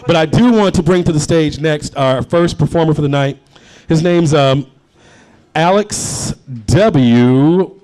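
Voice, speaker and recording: A man in his forties hosting a live comedy show, telling jokes and chatting with the crowd. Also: a little high. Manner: animated, chatty, working the crowd. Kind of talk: live stand-up storytelling. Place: bar venue, live show.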